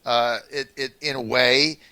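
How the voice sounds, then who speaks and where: A man hosting a talk radio show, laughing easily and reading quick promos between comments. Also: mid-range voice, steady tone, sharp tone, smooth, no echo. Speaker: radio host.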